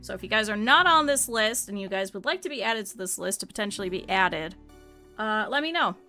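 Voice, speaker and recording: A woman streamer with a slight lisp, chatting casually and excitedly with viewers while playing a game. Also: medium pitch, fairly quick, faint music behind. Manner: chatty and animated, often laughing. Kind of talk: casual gameplay chat with viewers.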